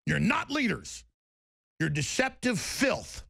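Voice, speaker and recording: A man's voice: high-pitched, huge pitch swings, slow, gravelly, pushed and bright, breathy edge, no room sound, studio quality. A man delivering an angry political rant, heated and emphatic, with mocking asides. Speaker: political commentator.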